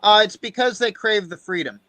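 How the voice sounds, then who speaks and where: A man's voice: sits high, brisk, bright, forceful tone, dry recording. A man from the United States hosting a stream, talking in a hesitant, filler-heavy and profane way. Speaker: host. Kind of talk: casual stream chat.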